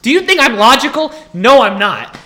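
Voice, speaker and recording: A man's voice: very high-pitched, big pitch swings, normal speed, sharp tone. A young man hosting his own podcast, ranting animatedly in casual talk and often laughing as he complains. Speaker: podcast host. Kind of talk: casual solo rant.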